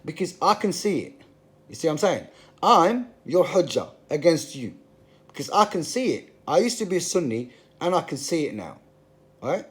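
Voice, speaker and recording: A man's voice: a little high, big pitch swings, moderate pace, fairly bright tone. A man giving an emphatic, passionate monologue, full of repetition and rhetorical questions. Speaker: religious commentator.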